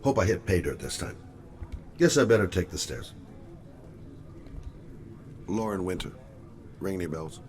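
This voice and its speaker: A man's voice: low voice, big pitch swings, a little slow, pauses often, darkish tone, slight background noise, heavily acted. A man voicing a weary, persistent male private detective in a video game, talking in terse, clipped lines. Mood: questioning. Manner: terse, clipped inner thoughts. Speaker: game character.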